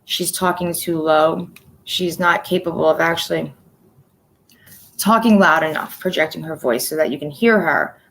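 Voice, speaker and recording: Low, gravelly-voiced woman in her forties. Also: low-quality recording. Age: 40s. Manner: soft-spoken, halting, often drops to a near-whisper. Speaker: livestream host. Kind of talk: personal livestream update.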